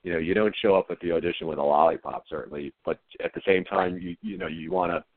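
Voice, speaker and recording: A deep-voiced middle-aged man speaks in a low-key, hesitant way, often restarting his sentences as he thinks. The sound is dry and tinny, like a phone line. He answers interview questions casually. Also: very animated, fast, vocal fry, no echo. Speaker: actor guest.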